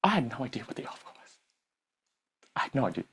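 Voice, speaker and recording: A man's voice: mid-range voice, big pitch swings, quick pace, husky. A man, a business coach telling a story on stage to a live audience and acting out the dialogue.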